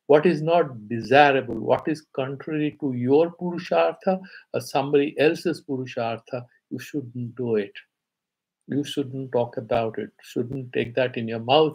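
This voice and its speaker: A man teaching a live scripture class in Indian English, explaining calmly and chanting Sanskrit verses with raised emphasis. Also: medium pitch, breathy edge, rough recording.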